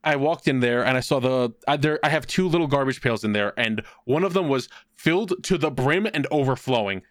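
A young man telling a long anecdote in a casual chat, swearing freely and getting animated when quoting people. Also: medium pitch, a little fast, dry recording, studio quality.

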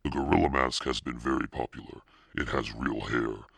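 Deep creaky man as a curt, quiet shopkeeper in a cape, very low and gravelly. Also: normal speed, dry recording, heavily acted. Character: curt, strange man in black cape running a mask shop.

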